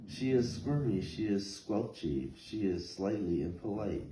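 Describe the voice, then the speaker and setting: A man reading a rhyming picture book aloud with a steady rhythmic lilt. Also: on the low side, unhurried, few pauses. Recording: echoey room, faint noise.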